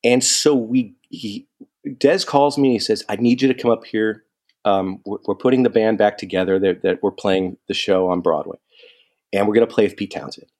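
A man telling a long story in casual chat, animated and quoting people as he goes. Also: lowish voice, moderate pace. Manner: animated, quotes people in lively asides.

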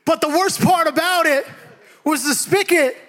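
A young man from the Bay Area preaching a sermon, telling a lively personal story with shouts and laughter. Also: very high voice, moderate pace. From San Francisco Bay Area.

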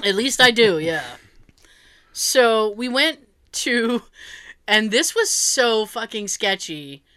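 A woman telling a travel story on a casual chat podcast, animated, swearing freely and laughing often. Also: fairly high pitch, slow, smooth.

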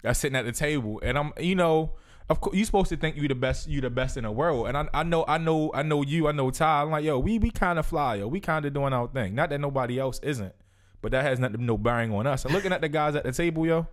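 A man in casual chat, talking in quick slang and tagging his lines with "yo". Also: a little high. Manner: fast, slangy, ends lines with "yo".

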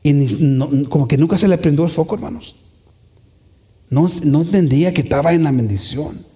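A man's voice: fairly high pitch, quick pace, warm tone. A man preaching a sermon with passion, repeating phrases and building to emphatic peaks. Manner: impassioned, repeats himself, rises to emphatic peaks. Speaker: pastor. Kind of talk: bilingual sermon. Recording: long hall reverb.

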